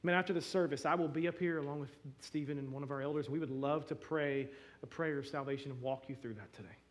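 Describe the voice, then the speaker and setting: A man preaching to his church, his pitch sitting a little above the usual for a man. He tells emotional stories in an animated, lively way, full of restarts and quick bursts of feeling. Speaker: pastor. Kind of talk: sermon.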